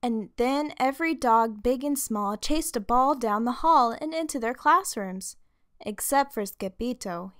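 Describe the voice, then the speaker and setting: A woman reading a children's story aloud in a lively, expressive way. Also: a little high, no room sound, clean studio sound. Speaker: storybook reader.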